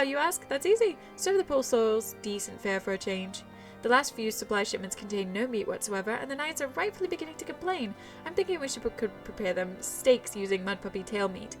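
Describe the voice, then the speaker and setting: A woman reading a folksy camp cook. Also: a little high. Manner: folksy, old-fashioned chatter. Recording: faint music behind.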